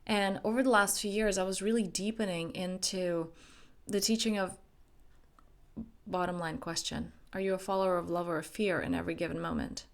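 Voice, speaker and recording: A woman's voice: on the low side, normal speed. A young adult woman, a life coach, giving an emphatic motivational self-help talk, acting out her own inner dialogue.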